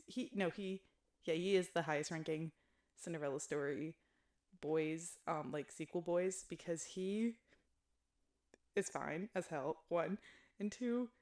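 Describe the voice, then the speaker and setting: Woman, vlogger, casual chat, blunt, jokey, lowish voice. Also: darkish tone. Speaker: YouTuber reviewing films.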